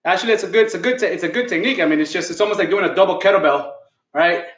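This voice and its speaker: A man's voice: sits high, racing, fairly bright tone, reverberant. A man leading a live online kettlebell class, counting reps and giving coaching cues while out of breath. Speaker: fitness coach.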